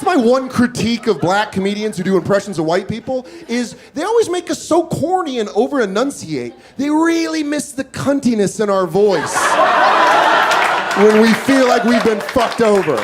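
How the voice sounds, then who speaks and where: A male comedian tells a stand-up story in an animated, self-mocking way, acting out each scene. His voice sits high and leaps around a lot. The live recording is thick with loud background noise. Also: normal speed.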